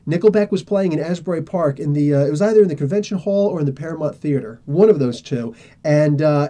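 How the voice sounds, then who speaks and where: A man's voice: a little high, warm tone. Rambling, laughing male podcast host. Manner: rambling, laughing storyteller with many fillers. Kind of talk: casual chat with live chat readers.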